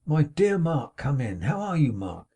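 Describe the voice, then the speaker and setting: Male narrator doing an excitable, kindly young man, husky voice pitched up, breathless gushing. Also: measured pace, full character voice. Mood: overjoyed. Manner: eager, breathless exclamations.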